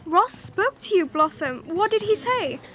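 Cast note: a very high, bright-toned fretful schoolgirl for an audio drama. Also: animated, measured pace, faint music behind, exaggerated voice. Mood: curious. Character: anxious excitable schoolgirl Deva.

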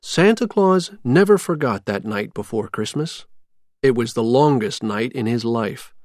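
A man reading a children's storybook aloud as narrator, in a slow, expressive read-aloud manner. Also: mid-range voice, no room sound, clean studio sound.

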